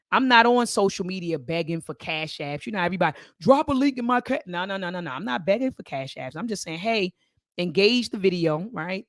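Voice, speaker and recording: A woman's voice: fairly low pitch, dry recording, studio quality. A woman hosting a live-stream book club discussion, speaking with passion and a preacher-like cadence that repeats phrases. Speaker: host.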